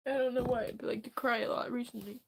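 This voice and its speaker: A woman streamer with a slightly high voice talks through her chat while close to tears. She speaks haltingly and rambles, stopping and restarting as she runs herself down. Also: fairly even intonation, vocal fry, slightly rough. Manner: halting, rambling, self-deprecating. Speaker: livestreamer. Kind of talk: live chat reading and reply.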